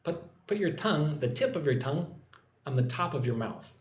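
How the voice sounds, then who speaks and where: A man from the United States teaching English on a live stream, explaining words slowly and checking in with "right?" after each point. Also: fairly high pitch, animated, roomy sound.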